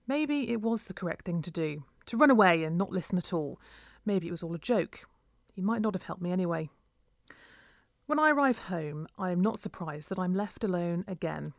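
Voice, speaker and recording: A woman's voice: on the low side, dry recording, clean studio sound. A woman reading a first-person story aloud in an earnest, emotional way.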